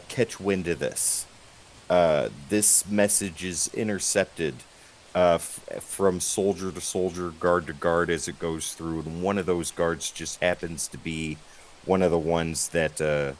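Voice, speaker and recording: Deep-voiced man running a tabletop game. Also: a little mellow, a little hiss or hum, rough recording. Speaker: game master.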